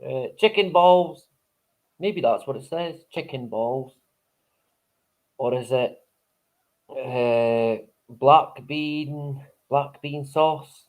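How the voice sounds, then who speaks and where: A man's voice: mid-range voice, very slow, long pauses, narrow, tinny audio. A man hosting a live stream in casual chat, rambling, swearing freely and chuckling often.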